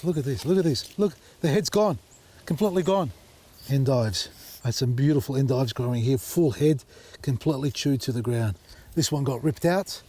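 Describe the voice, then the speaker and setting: A man's voice: on the high side, a little mellow. A man hosting a casual vlog outdoors in his vegetable garden, chatty and exasperated, talking to viewers as folks. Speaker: gardening channel host.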